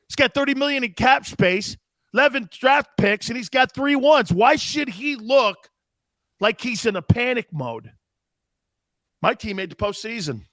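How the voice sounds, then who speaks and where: A man hosting a sports talk show, commenting in an animated, emphatic way and firing off rhetorical questions. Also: extremely high pitch, dry recording, clean studio sound.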